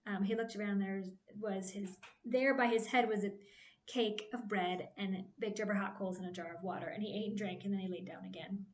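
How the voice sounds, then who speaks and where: A woman giving a casual devotional Bible talk, retelling the stories in a chatty, animated way and checking in with "right?". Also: mid-range voice, brisk. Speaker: Bible study speaker. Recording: roomy echo.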